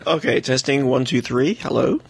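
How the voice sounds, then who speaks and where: A man's voice: mid-range voice, moderate pace, gravelly, slightly rough. A man guesting on a podcast in casual chat, giggly and nervous.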